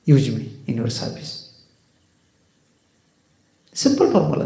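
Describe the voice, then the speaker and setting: A man's voice: on the high side, lively intonation, normal speed, gravelly, pauses often, darkish tone, roomy sound. A man giving a devotional sermon as a swami, emphatic, repeating phrases and asking rhetorical questions. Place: temple hall.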